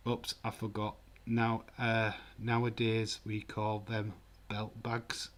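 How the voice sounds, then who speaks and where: A man's voice: fairly low pitch, completely flat delivery, slow. Laughing Yorkshire man chatting on a livestream. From England. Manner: jokey, laughs often, mild swearing. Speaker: livestream host. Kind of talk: casual live-stream chat reading viewer comments.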